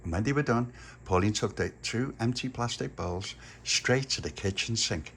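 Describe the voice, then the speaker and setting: A man telling a folksy story in a lively way. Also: mid-range voice, normal speed, a little hiss or hum.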